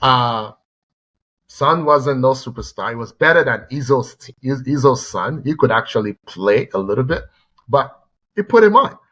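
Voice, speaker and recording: A man co-hosting a sports podcast, telling stories in a rambling, animated way and often repeating words. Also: mid-range voice, moderate pace, rough recording. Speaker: podcast co-host. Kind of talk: casual sports chat.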